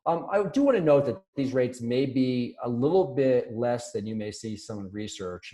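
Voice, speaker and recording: A man's voice: fairly low pitch, mellow, rough recording. A man presenting survey research in a webinar, speaking conversationally with many ums and restarts.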